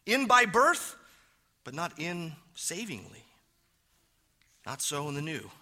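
A man preaching a sermon as pastor, stressing key words loudly and then dropping to hushed, low phrases. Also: sing-song, slow pace.

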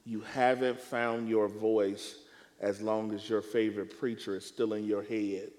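A male preacher speaking in a panel discussion on preaching, with a measured, emphatic, deliberate way of phrasing. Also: fairly low pitch, little pitch movement, a little mellow, in a large hall.

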